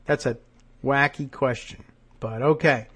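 A man's voice: mid-range voice, unhurried, a bit bright, husky. A man hosting a political podcast, sardonic and wry, reading news quotes with asides, his nose stuffed up. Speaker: podcast host. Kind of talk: political commentary.

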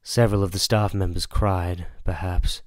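A man doing a hushed jazz cafe owner. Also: low-pitched, flat delivery, normal speed, no echo, clean studio sound, lightly acted. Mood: storytelling. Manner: hushed, conspiratorial storytelling. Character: older male jazz cafe owner, obsessive music buff.

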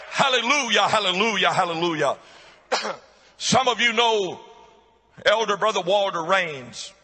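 A man's voice: sits high, pushed and bright, husky. A man preaching a camp meeting sermon in a large meeting building, fervent and repeating hallelujah. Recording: long hall reverb.

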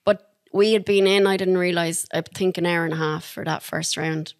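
This is an Irish woman in casual conversation on a podcast, recounting experiences in a lively, chatty way. Her voice sits somewhat low for a woman. The sound is close and dry, with no room echo. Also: normal speed. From Ireland. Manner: chatty and animated, laughing through anecdotes. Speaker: podcast guest. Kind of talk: casual storytelling.

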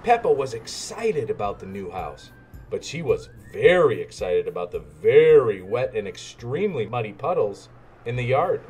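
A man reading a children's storybook aloud in an expressive, sing-song way. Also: medium pitch, normal speed, a little hiss or hum. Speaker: narrator.

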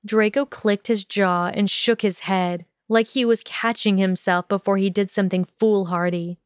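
A woman narrating a fan audiobook in a measured, even storytelling manner on a close mic. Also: mid-range voice, clear, resonant tone, dry recording. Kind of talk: scripted narration.

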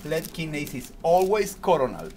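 A man giving a calm, step-by-step ultrasound demonstration in an exam room, with non-native English phrasing. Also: a little high, normal speed, slight background noise. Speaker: ultrasound instructor.

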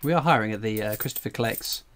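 A man's voice: fairly low pitch, quick pace, a bit bright, a little hiss or hum. A man hosting a casual coin-collecting livestream. He reads chat messages aloud and rambles in a jokey way, jittery from strong coffee. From England.

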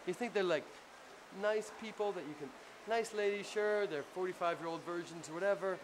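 Profane New Jersey punk singer telling a story. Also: male voice, high voice, brisk. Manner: profane, rambling, animated anecdote with acted-out quotes. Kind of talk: casual storytelling. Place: crowded club after a show. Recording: noisy live club recording.

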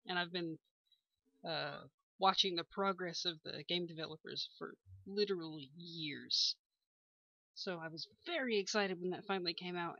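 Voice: mid-range voice, no echo, muffled recording. Rambling young gaming-channel host. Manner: rambling, many ums and uhs, chuckles often. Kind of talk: casual gameplay commentary. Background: faint game music.

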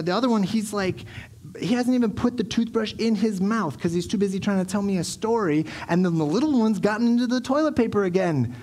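Male pastor in his thirties, slightly higher voice, preaching with animated storytelling; lively sermon delivery. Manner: animated storytelling, acting out his kids and himself. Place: church sanctuary.

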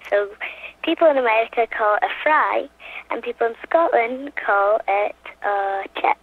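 A woman's voice: a little high, moderate pace, no echo. A woman calling in to a radio show by phone, talking in a hesitant, giggly way. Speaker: guest on the phone. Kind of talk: casual phone interview. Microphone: telephone. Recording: tinny phone line.

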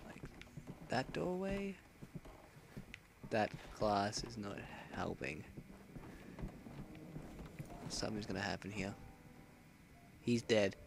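A man's voice: on the low side, big pitch swings, takes it slowly, gravelly, pauses often, noisy background. A man commentating a horror game playthrough, jumpy and panicky, swearing and exclaiming often. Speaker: gameplay commentator. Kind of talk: let's play commentary.

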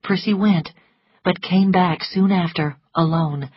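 A woman narrating an audiobook in a measured, even storytelling manner. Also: deep voice, breathy edge, no echo. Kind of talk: scripted narration. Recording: slightly muffled lo-fi, dry.

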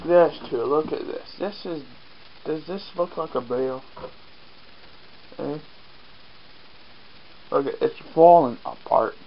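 A man's voice: on the high side, slow pace, long pauses, lo-fi sound, a little hiss or hum. Rambling man with an Acadian French accent. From Acadian, New Brunswick. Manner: rambling, self-mocking, swears casually. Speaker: vlogger. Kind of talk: casual outdoor vlog. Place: outdoors on a farm, rainy day.

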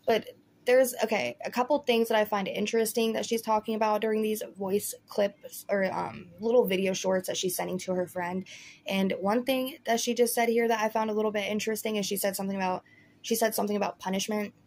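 A woman's voice: mid-range voice, fairly even intonation, a little fast, darkish tone. A woman hosting a casual commentary vlog, talking in a chatty, rambling way full of "like" and "you know". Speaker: commentary host.

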